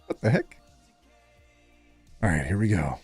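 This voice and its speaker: A man's voice: fairly low pitch, huge pitch swings, measured pace, a little mellow, breathy edge, dry recording, faint music behind. A male streamer chatting casually with his viewers and reading posts aloud in a playful, laughing manner.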